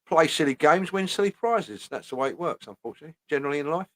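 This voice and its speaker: A man's voice: a little high, big pitch swings, fast, fairly bright tone, no echo. A man hosting a live online chat, talking bluntly and swearing often as he rants and reads out posts. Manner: blunt, swears often, repeats "you know what I mean". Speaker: host. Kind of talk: casual chat, ranting.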